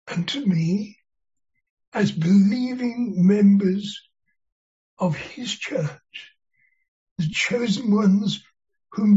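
This preacher delivers an expository sermon in an unhurried, deliberate way, letting each phrase land and stressing the important words. The voice sits at a middling pitch. It comes through a muffled, lo-fi sermon recording. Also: a little mellow. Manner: slow, deliberate and earnest, stressing key words.

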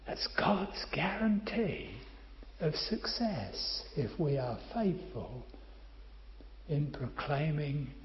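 Older male preacher, slow and emphatic, lively pitch, roomy muffled hall sound. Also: slight background noise. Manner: slow, emphatic, addresses listeners as friend. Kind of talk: sermon. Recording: roomy, slightly dull church recording.

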